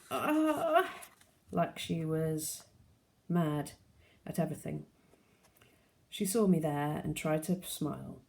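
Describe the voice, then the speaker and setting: Teacher reading a novel aloud, woman, low gravelly voice, steady pace.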